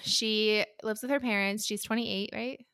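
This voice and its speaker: A young woman with a gravelly, fry-edged voice chats easily about a book, laughing along. The recording is close and dry, with no room sound. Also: mid-range voice, fairly even intonation, a bit bright, no room sound. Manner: easygoing, chatty, quick to laugh along. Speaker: book podcast co-host. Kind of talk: casual book chat.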